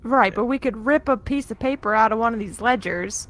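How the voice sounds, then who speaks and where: A woman's voice: a little high, brisk. A woman playing a tabletop game, talking casually and hesitantly, often restarting her sentences. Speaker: player.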